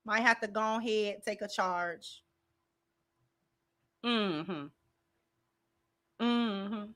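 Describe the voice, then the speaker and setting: A woman's voice: mid-range voice, drawn-out words, fairly bright tone. A woman hosting a commentary channel, reacting in a sassy, emphatic way and calling people baby.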